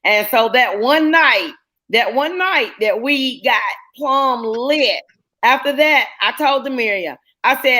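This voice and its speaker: A woman's voice: on the high side, a little slow, sharp tone. A woman hosting a casual live-stream panel. She tells stories in a chatty way and acts out the lines she quotes.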